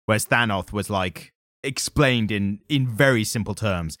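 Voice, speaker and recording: A man's voice: fairly low pitch, moderate pace, no room sound, clean studio sound. A man co-hosting a comics podcast, chatting casually and acting out lines from the comics. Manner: animated, acts out quotes from the comics. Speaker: podcast co-host. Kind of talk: casual chat about comics.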